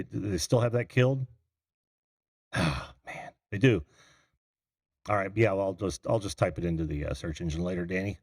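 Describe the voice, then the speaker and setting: A middle-aged man runs a call-in livestream, chatting loosely and replying to comments from viewers in the chat. His voice sits on the low side, and the clean, studio-like sound has no room echo, though he's on a computer mic over a video call.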